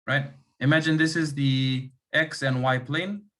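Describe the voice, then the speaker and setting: A man's voice: medium pitch, fairly even intonation, measured pace, fairly bright tone. Man leading an online engineering lab. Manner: checks understanding with frequent "okay" and "right". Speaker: lab demonstrator.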